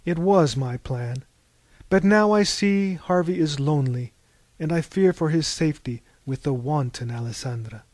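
Brief: grave, measured warrior goddess, lightly raised voice, read by a man. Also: a little high, a little mellow, no echo, natural voice. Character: stern wise warrior goddess, woman.

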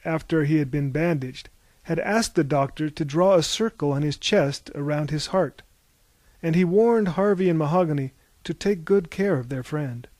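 A man narrating an audiobook in a measured storytelling voice. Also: fairly high pitch, a little mellow, no echo.

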